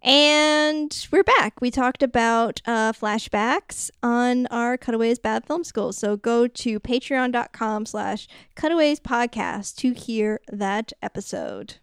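A woman co-hosting a podcast, casually recapping a film with quick mock voices for its characters. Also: on the high side, smooth, no room sound, clean studio sound. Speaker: podcast co-host. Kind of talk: casual movie recap chat.

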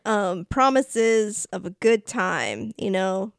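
Giggly lively woman podcaster. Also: mid-range voice, slow, creaky, few pauses, no room sound, studio quality. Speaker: podcast co-host. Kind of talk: casual movie chat.

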